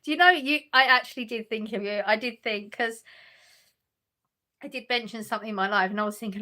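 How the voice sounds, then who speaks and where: A woman's voice: mid-range voice, brisk, pushed and bright. A woman, chatting casually on a livestream from her sofa at home, reading out and answering viewers' messages with frequent laughs and restarts. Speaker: livestream host reading chat.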